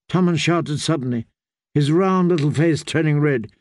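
A man reading an audiobook as narrator, in a measured, even delivery. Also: fairly high pitch, dry recording, studio quality. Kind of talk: scripted narration.

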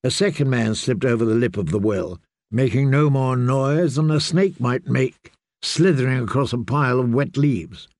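A man narrating a fantasy audiobook in a measured, dramatic way. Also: medium pitch, a little mellow, no echo, clean studio sound. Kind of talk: scripted narration.

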